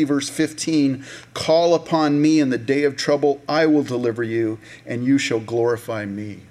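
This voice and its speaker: A man preaching a sermon in a relaxed, conversational way, with many fillers and restarts, sometimes acting out voices of people in the story. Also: medium pitch. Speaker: pastor.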